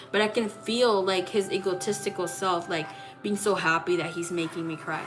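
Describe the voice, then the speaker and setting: A low-voiced woman reads tarot as a psychic and tells a personal story casually. She is blunt and swears freely, with many fillers and restarts. Faint music runs underneath. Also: fairly even intonation, normal speed. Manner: blunt, profane, full of fillers.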